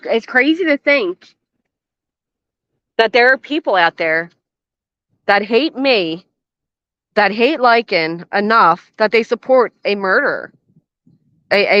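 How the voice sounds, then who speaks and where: A woman's voice: medium pitch, lively intonation, slow pace, pauses often, fairly bright tone, dry recording. An older woman hosting a reaction commentary channel, blunt, sarcastic and swearing freely, recorded outdoors by a garden fence. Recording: dull, dry lo-fi sound.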